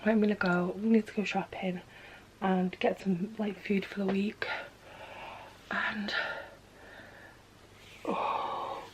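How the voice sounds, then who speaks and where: A young woman, chatting to camera in a vlog and retelling a story in a gossipy, animated way. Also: mid-range voice, slow pace, long pauses, dull audio, a little hiss or hum. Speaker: vlogger.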